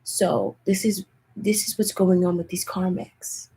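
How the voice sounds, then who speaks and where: A young woman tarot reader chatting casually with viewers in a hushed, half-whispered voice, often calling out to them directly. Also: on the low side, fairly even intonation, measured pace, creaky, slightly rough, low-quality recording. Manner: chatty, keeps addressing viewers as "you guys". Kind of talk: casual livestream tarot chat.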